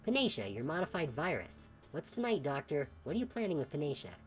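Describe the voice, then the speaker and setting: A woman voices a defiant female mercenary in a video game, blunt and sarcastic with rough language. Her low voice leaps around in pitch, with faint music behind. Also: very animated, fast, low-quality recording. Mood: demanding. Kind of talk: video game dialogue read aloud.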